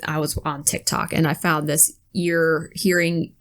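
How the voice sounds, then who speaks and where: A woman co-hosting a podcast, chatting casually and telling animated stories, swearing freely and acting out quotes. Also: deep voice, measured pace. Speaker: podcast co-host. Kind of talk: casual chat.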